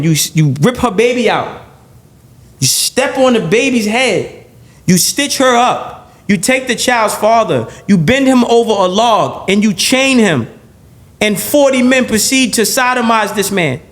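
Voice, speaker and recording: A man being interviewed on a podcast, talking in an animated, blunt and profane way, often repeating and restarting his phrases. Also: high-pitched, measured pace. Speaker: podcast guest.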